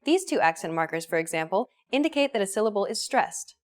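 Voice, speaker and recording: A woman hosting a language course, reading a scripted lesson in a clear, even teaching manner. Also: mid-range voice, fast.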